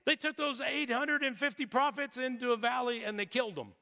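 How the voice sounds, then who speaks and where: A man's voice: very high-pitched, brisk, pushed and bright. A middle-aged man preaching a sermon in a casual storytelling way, with jokes and asides. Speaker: pastor. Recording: long hall reverb.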